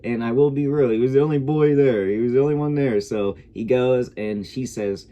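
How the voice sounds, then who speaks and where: A man's voice: mid-range voice, normal speed, mellow. A man giving a casual, rambling review of a TV episode, swearing freely as he goes. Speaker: show reviewer.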